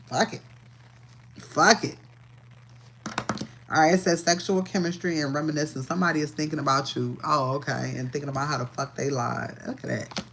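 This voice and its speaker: A woman giving a casual, profane livestream tarot reading, chatty and quick to laugh. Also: low voice, creaky, a little hiss or hum. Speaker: tarot reader.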